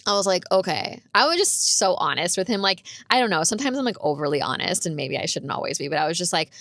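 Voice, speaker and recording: A woman's voice: on the low side, expressive, quick pace, few pauses, a bit bright, no room sound. A woman vlogger telling a personal story in a chatty, rambling way. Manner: chatty, rambling, many "like"s, laughs while telling. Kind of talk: casual storytelling vlog.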